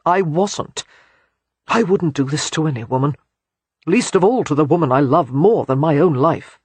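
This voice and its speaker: A man playing a brooding, war-scarred young gentleman who speaks in a quiet, measured, grave way, with a husky tone. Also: on the high side, animated, no room sound.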